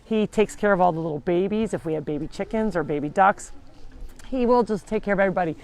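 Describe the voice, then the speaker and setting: Brief: a chatty woman hosting a live farm tour, mid-pitch, talking to viewers and calling to her animals as she walks. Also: quick pace, darkish tone. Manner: chatty, talks to the animals while touring. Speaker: animal sanctuary host. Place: farm, walking between buildings.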